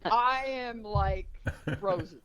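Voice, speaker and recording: A woman's voice: mid-range voice, slow, smooth, no room sound. An older woman, a guest in an interview, telling an anecdote and acting out the quoted dialogue. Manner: lively, acts out quoted dialogue. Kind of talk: anecdotal storytelling. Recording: dull, dry lo-fi recording.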